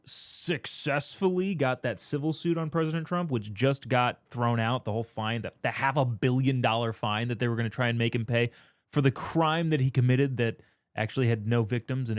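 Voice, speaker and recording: A man's voice: mid-range voice, no room sound, clean studio sound. Rambling man giving political commentary. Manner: rambling, goes off on tangents. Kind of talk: casual commentary vlog.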